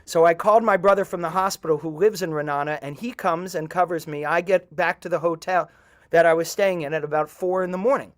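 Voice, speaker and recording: Middle-aged guy telling a personal story to a crowd, slightly high voice, earnest, lots of pauses. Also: steady tone. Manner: earnest, halting, with many pauses. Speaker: storyteller at a community event. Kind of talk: personal storytelling to a live audience.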